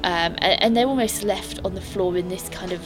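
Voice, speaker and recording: A woman narrating a tabletop game as game master, describing scenes at length with small restarts. Her voice sits at a middle pitch, with music clearly audible under it. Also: fairly quick.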